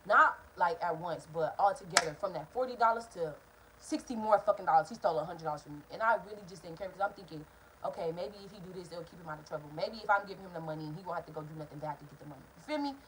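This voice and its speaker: A young woman telling a story to her viewers, animated and profane, talking straight to the camera. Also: on the low side, rapid-fire, a little hiss or hum, rough recording. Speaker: vlogger. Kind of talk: casual storytime vlog.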